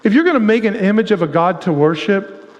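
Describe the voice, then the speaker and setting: A man with a fairly high voice preaches in a loose, animated way, breaking into playful impressions. His voice rings out with a long reverb, as in a big hall. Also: brisk, muffled recording. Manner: animated, acts out voices of the people with humor. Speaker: pastor. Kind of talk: sermon.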